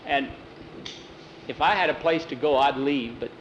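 A man's voice: medium pitch, fairly bright tone, roomy sound, lo-fi sound, a little hiss or hum. Man telling a homespun story. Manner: unhurried, homespun narration with many "he said" tags and small restarts. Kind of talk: oral storytelling, reading out a boarding-school tale.

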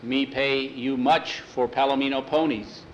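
A man's voice: mid-range voice, fairly even intonation, measured pace, lo-fi sound, a little hiss or hum, lightly acted. A man voicing a stern old chief who talks in short, clipped broken phrases. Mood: terse. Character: stern old tribal chief, terse and gruff.

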